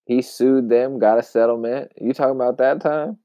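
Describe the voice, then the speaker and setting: A man giving casual commentary in an emphatic, wry way, with long pauses, on a dull, dry lo-fi recording. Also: mid-range voice, fairly even intonation, dark tone, no room sound. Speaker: commentary vlogger.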